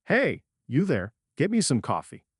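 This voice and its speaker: Bossy, sneering male star read by a male narrator, husky and slightly raised in pitch. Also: wildly swooping pitch, measured pace, no room sound, clean studio sound, heavily acted. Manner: sneering, commanding. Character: arrogant male movie star, mocking and bossy.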